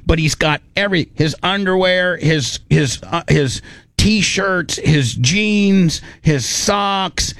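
A man's voice: sits high, takes it slowly, vocal fry, no room sound, studio quality. Man telling a rambling story. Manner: animated, rambling, acts out quotes. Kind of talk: casual storytelling.

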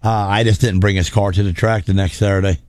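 A man telling a story as a guest in a casual chat, plain-spoken and halting with restarts. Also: fairly low pitch, steady tone, a little mellow, dry recording, studio quality.

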